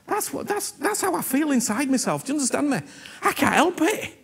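A man preaching a sermon, earnest and animated, repeating himself and often asking whether he is understood. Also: very high-pitched, a little fast, vocal fry, hardly any pauses.

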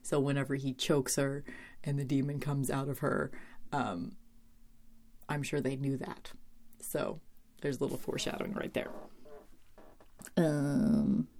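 Woman reviewer, deep voice, rambling casual chat with blunt asides. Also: a little slow, pauses often, darkish tone. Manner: chatty and rambling, with many fillers and cursing asides. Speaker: TV episode reviewer.

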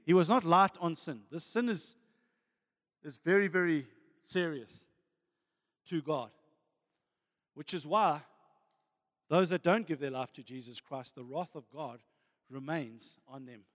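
A man with a notably high voice preaches with fervour, leaning on "friends" and "amen" as he presses his point. His words ring out with a long reverb trailing behind them, as in a big hall. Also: measured pace, pauses often, fairly bright tone. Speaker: pastor. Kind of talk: sermon.

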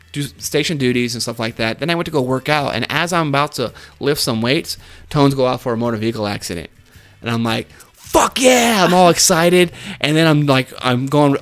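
A man's voice: mid-range voice, fairly bright tone. A man, a paramedic co-hosting a podcast, telling work stories in casual chat, swearing often, laughing and acting out what people said. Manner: profane, laughing, acts out quotes.

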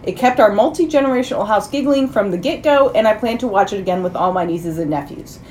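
A woman co-hosting a casual movie podcast, reading viewer reviews aloud with animated emphasis. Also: medium pitch, fast, a little hiss or hum. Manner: animated, reads quotes with emphasis. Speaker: podcast co-host.

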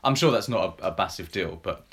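A man with a fairly low voice hosts a casual podcast. He gives his views in a relaxed way and moves the conversation on to the next topic. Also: brisk. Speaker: podcast host. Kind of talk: casual chat.

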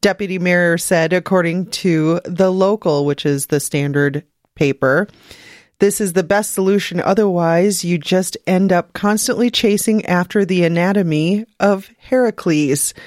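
A woman's voice: on the low side, a little slow, a little mellow, dry recording, clean studio sound. A woman co-hosting a comedy show, reading news stories plainly and adding wry comments. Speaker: co-host.

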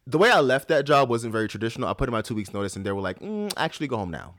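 A man's voice: medium pitch, rapid-fire, no echo, studio quality. A man in his late twenties, a podcast co-host telling a story in casual chat and acting out the quoted voices of the people in it. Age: late 20s. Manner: animated storyteller, acts out quoted dialogue.

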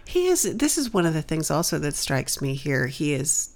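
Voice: mid-range voice, huge pitch swings, moderate pace. A speaker teaching through a Bible passage in conversation, emphatic and dramatic when quoting scripture.

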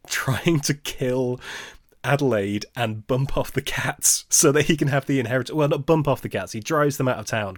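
A man co-hosting a casual film podcast, chatty and quick to laugh with jokey asides. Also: mid-range voice, no room sound, studio quality. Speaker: podcast co-host.

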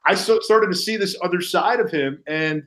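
Higher-pitched man telling animated stories. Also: normal speed. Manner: animated anecdotes, acting out quoted colleagues. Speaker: guest sportscaster. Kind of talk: casual podcast storytelling.

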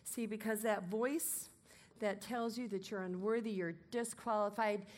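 A woman preaching a sermon, emphatic and commanding, moving between loud declarations and softer asides. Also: medium pitch, steady tone, a little slow.

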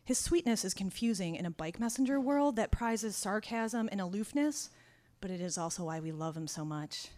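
A woman telling a personal story out loud, dry and wry, turning raw and intense as it goes. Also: medium pitch, animated, moderate pace. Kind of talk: first-person spoken storytelling.

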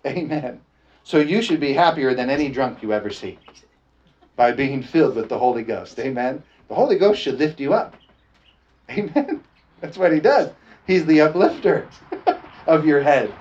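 A male preacher delivering a sermon in church, animated, often chuckling and calling out "amen?" to the congregation. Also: on the high side, normal speed, pauses often, lo-fi sound. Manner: animated, chuckling, frequent call-and-response "amen?". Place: church service, also streamed online.

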